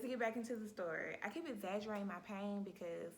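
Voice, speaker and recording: Woman vlogger, casual animated storyteller, middle-pitched voice, faint noise behind, talks straight to camera. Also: quick pace. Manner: animated, talks straight to viewers, acts out her own cries. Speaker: vlogger telling her birth story.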